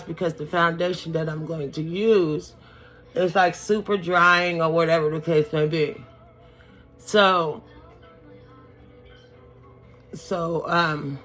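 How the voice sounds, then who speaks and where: A woman's voice: fairly low pitch, fairly bright tone. Chatty, sassy woman doing a makeup storytime. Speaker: beauty vlogger.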